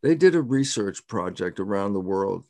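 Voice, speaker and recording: A man's voice: deep voice, expressive, normal speed, warm tone, no echo. An older man being interviewed as a scientist, explaining in an emphatic way, repeating key words and quoting himself.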